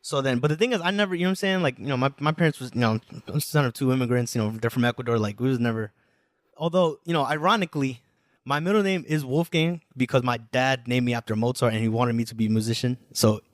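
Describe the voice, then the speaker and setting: He's a fast-talking guest musician in his twenties, from New Jersey in the United States, with a mid-range voice. Recounting his story in casual podcast chat, he rambles in slang and fillers, captured in a dry, clean studio recording.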